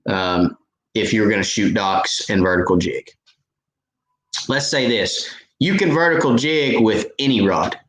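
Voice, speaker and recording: A man's voice: medium pitch, fairly bright tone, echoey room, rough recording. A man hosting a live fishing Q&A stream, answering viewer questions in a chatty way and laughing at his own jokes.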